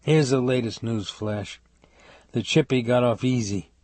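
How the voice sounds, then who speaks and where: A man's voice: medium pitch, unhurried, darkish tone, no room sound, close to an everyday voice. A man voicing a cruel, taunting male mob thug who talks in a crude, menacing way. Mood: contemptuous.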